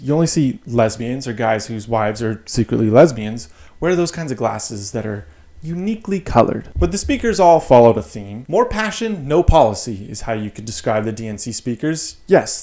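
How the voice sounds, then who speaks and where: A man hosting a comedy show, delivering a scripted satirical monologue in a deadpan, mocking way. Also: mid-range voice, moderate pace, no echo.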